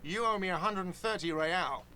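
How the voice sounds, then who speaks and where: A whiny, defensive cafe manager. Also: male voice, high voice, normal speed, pushed and bright, a little hiss or hum. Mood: irritated. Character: petty, defensive middle-aged male cafe manager. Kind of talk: video game voice acting.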